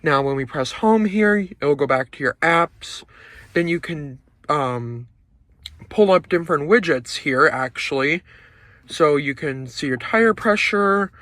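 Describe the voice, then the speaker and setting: Man, fairly high voice, casual car review, upbeat and chatty, inside a car. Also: a bit bright, no room sound. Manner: upbeat, conversational, points things out as he goes.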